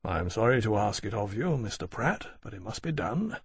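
A man playing a stern, gravelly captain. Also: medium pitch, animated, normal speed. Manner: clipped, commanding, quietly severe. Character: stern, formal naval captain, adult man. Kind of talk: audiobook character voice.

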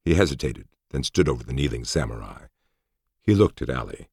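A man reading a fantasy audiobook in a steady storytelling manner. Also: very deep voice, a little fast, creaky, breathy edge, no echo, studio quality. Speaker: narrator. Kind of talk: audiobook narration.

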